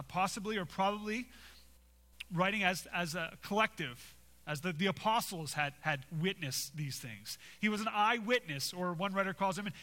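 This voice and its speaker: High, bright-voiced preacher in a reverberant hall. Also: male voice. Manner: emphatic, repeats phrases, rhetorical "right?". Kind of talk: expository sermon.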